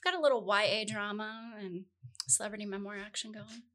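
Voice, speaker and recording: A woman's voice: medium pitch, fairly quick, fairly bright tone. A woman in her forties chatting casually about books on a podcast, rambling with fillers. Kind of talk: casual chat.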